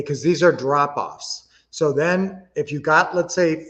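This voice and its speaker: A man's voice: fairly high pitch, a bit bright, lo-fi sound. A man hosting a casual home-investing livestream from his home office, chatty and upbeat, talking straight to his viewers. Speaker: livestream host.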